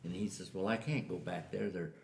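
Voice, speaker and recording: Older guy w/ a deep gravelly voice spinning a family yarn, roomy echo around him. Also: brisk, a little hiss or hum. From US Southwest. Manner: animated storyteller acting out quoted voices. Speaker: interviewee telling a family story. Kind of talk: casual storytelling. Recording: echoey room.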